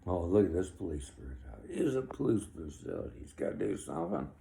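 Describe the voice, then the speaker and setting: Man, 60s, rambling opinionated rant, dark gravelly voice. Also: low voice, big pitch swings, fast, slight background noise. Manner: ranting, opinionated, chuckling. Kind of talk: rambling monologue.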